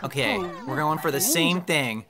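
A young man co-hosting a game playthrough, mostly laid-back but bursting into shouts at big plays. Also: a little high, normal speed, crowd noise. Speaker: let's play co-host. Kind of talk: casual gameplay commentary. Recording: voice over game music.

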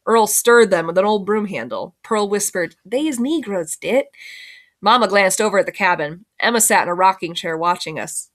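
A woman's voice: mid-range voice, animated, fairly quick, few pauses, a bit bright. A woman teacher reading a first-person novel aloud in plain storytelling, sometimes correcting herself.

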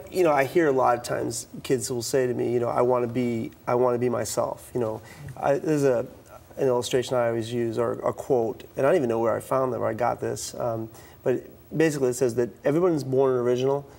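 On a talk show, a middle-aged man from the US East Coast, a youth speaker, shares stories in a gravelly, medium-pitched voice at a slightly fast pace. He acts out quoted dialogue with animation and keeps restarting his sentences.

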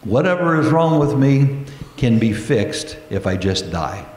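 Slow-preaching man in an echoey church. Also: medium pitch, very animated, a little mellow. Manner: earnest, slow preaching with prayerful pauses. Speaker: pastor. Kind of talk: sermon. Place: church sanctuary.

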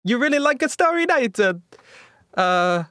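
A man voicing a boastful male Renaissance genius with a deliberately hammy fake Italian accent, pausing grandly during a tabletop role-play. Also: very high-pitched, big pitch swings, sharp tone, no echo, clean studio sound, pitched above the performer's own voice, heavily acted. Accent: Italian (put on, deliberately bad).

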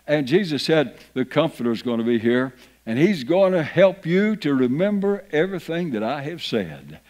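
A man's voice: fairly high pitch, sing-song, moderate pace, a little mellow. A man over fifty preaching a sermon in a church, reading scripture aloud with folksy asides. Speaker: pastor. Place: church sanctuary.

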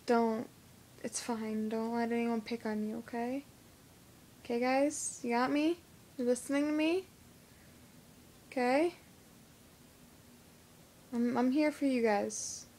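Teen girl vlogger, lisp, hesitant and unhurried, phone recording. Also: a little high, fairly even intonation, mellow. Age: teens. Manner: hesitant, halting with many fillers. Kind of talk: casual vlog talk to camera. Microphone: phone camera.

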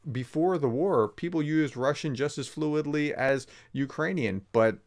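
Sarcastic male professor giving commentary. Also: measured pace. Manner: conversational, sarcastic, emphatic rising pitch. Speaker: professor explaining war context. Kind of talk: video commentary on a clip.

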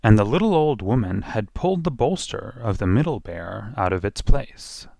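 Expressive low-voiced man reading a storybook. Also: gravelly, dry recording. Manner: expressive, slowing for repeated phrases. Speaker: narrator.

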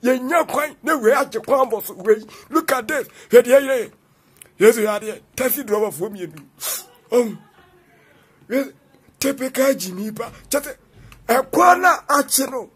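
A man giving excited reaction commentary, exclaiming and repeating calls to God, sometimes half-singing. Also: very high-pitched, husky.

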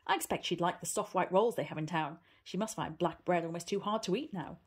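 Woman voicing impatient aunt, storybook, snappy, firm, coaxing, raised and husky. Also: fairly low pitch, fairly quick. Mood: brisk. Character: brisk, impatient aunt hurrying a child along.

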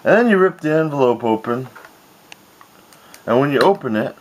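A man's voice: mid-range voice, lively intonation, normal speed. A man ranting in a home video, profane and exasperated, with frequent restarts. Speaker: vlogger.

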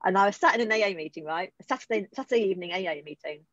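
A woman's voice: medium pitch, expressive, racing, a bit bright, dry recording. British woman in her middle years, emotional and heartfelt, keeps restarting, dull muffled call audio. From United Kingdom. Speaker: guest. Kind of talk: personal recovery story in conversation.

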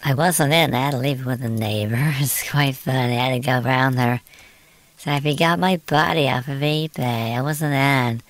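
Speaking at a moderate pace in a bass voice, a woman from Britain gives casual commentary while playing a game. She chats, exclaims, and mutters to herself, and the recording is dry.

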